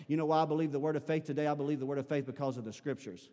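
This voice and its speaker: A man's voice: fairly high pitch, fairly even intonation, very fast, hardly any pauses, warm tone. A man preaching a sermon as pastor, building emphasis with repeated calls to his congregation. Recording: long hall reverb.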